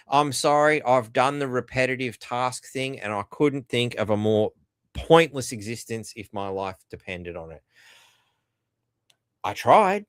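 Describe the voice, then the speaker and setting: A man's voice: mid-range voice, animated, measured pace, a bit bright, smooth, no room sound, clean studio sound. An Australian man hosting a podcast, delivering a rambling, profane, sardonic rant. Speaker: podcast host. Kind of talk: ranting commentary.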